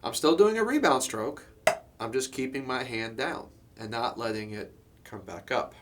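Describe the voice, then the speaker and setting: A man's voice: medium pitch, normal speed, heavy background noise. Man teaching drums, chatty and explanatory. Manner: relaxed, explanatory, many fillers and "okay?" check-ins. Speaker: drum teacher. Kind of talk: instructional lesson.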